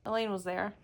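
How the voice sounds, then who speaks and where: A woman with a Southern US accent chatting playfully as a vlogger, laughing often. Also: mid-range voice. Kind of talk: casual chat.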